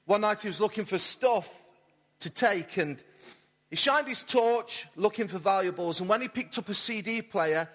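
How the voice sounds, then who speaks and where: A man's voice: sits high, normal speed, a bit bright. A man, a church pastor delivering a friendly, story-led sermon with light humour. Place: church auditorium. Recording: reverberant church hall.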